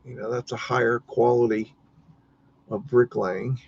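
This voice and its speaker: Man, live-stream host, loose rambling chat, mid pitch, slightly muffled lo-fi audio. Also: flat delivery, a little slow, creaky, breathy edge. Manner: rambling, muttering, mildly cursing. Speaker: livestream host. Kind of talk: casual live-stream commentary.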